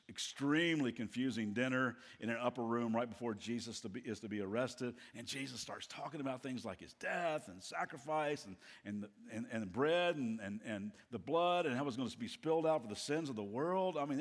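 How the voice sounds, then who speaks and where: A middle-aged man preaching a sermon as a guest pastor, telling stories in an animated way with playful asides. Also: mid-range voice, a little fast. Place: church auditorium. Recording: long reverb of a large hall.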